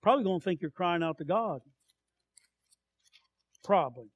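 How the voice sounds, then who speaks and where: A man preaching a sermon with passion, declaiming scripture and then dropping to soft, quiet asides. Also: fairly high pitch, big pitch swings, moderate pace, vocal fry, pauses often, breathy edge, dry recording.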